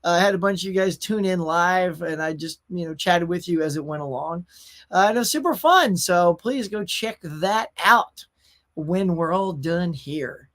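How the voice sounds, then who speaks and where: A man's voice: sits high, expressive, moderate pace, fairly bright tone. A man hosting a casual pop culture livestream from a room at home, chatty and laid-back, greeting viewers by name. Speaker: host of a pop culture live show. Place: his own home collection room.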